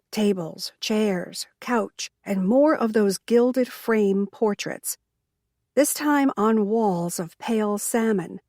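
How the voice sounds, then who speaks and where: A woman narrates a small-town mystery in a measured, even storytelling voice. Her pace is slow, and the recording is dry and close. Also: medium pitch, dry recording. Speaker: audiobook narrator. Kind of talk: scripted narration.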